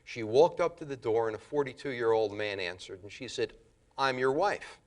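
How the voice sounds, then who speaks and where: A man giving a public lecture, telling a story in an animated way. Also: on the low side, a little fast.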